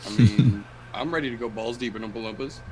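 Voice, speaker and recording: A man's voice: mid-range voice, fast, darkish tone, rough recording. A man chatting as a guest on a live show, making crude jokes. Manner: joking and crude. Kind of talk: casual live-stream chat.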